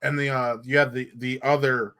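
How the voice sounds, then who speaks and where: A man's voice: medium pitch, level tone, moderate pace, a bit bright. A man guesting as a critic on a casual TV review chat, often chiming in with short agreements and extra details.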